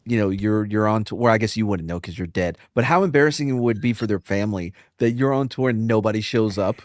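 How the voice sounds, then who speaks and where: A man's voice: on the low side, no room sound. Joking podcast co-host man. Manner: quick joking interjections. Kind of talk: casual comedic podcast chat.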